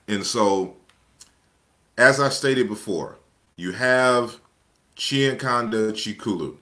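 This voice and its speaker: Male lecturer, low voice, unhurried delivery, explains slides step by step with many pauses. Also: bright, forceful tone. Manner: measured, explanatory, with frequent pauses and restarts. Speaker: lecturer presenting his book.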